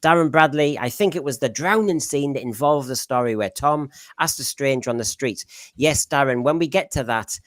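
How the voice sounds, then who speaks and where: A man's voice: mid-range voice, moderate pace, a bit bright, no echo, studio quality. A man with a Middlesbrough accent hosting a casual live panel chat, rambling as he reads out viewer comments. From Northeast England. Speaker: podcast host.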